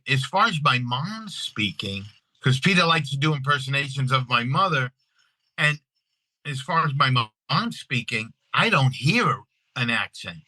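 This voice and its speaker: A middle-aged man from Long Island, telling family stories in a casual, animated way, often restarting his sentences. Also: medium pitch, no echo, rough recording. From Long Island, New York. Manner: animated, restarts often, acts out quoted voices. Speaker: guest. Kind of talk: casual storytelling.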